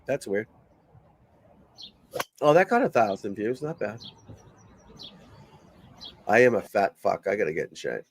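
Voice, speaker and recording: A man's voice: fairly low pitch, sing-song, a little slow, pauses often. Blunt, profane older man on a live stream. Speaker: golf coach and live-stream host. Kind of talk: casual live-stream chat.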